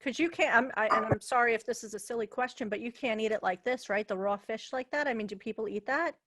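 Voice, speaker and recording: A woman's voice: on the high side, fast, a bit bright, no room sound, studio quality. A woman from Brooklyn, hosting a casual interview in a chatty, playful way. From Brooklyn, New York. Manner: chatty, playful, apologetic asides. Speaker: host.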